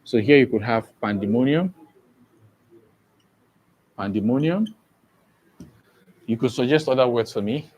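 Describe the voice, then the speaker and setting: A man's voice: mid-range voice, fairly quick, few pauses, darkish tone. A man giving an exam-prep lesson who keeps asking the class questions and repeating key points. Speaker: teacher.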